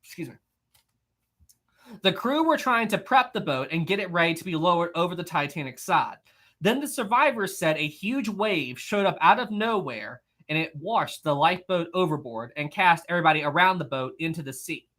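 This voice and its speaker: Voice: medium pitch, lively intonation, normal speed, pushed and bright. A live-stream trivia host who reads out viewers' answers in casual chat, upbeat, laughing often and repeating praise and questions.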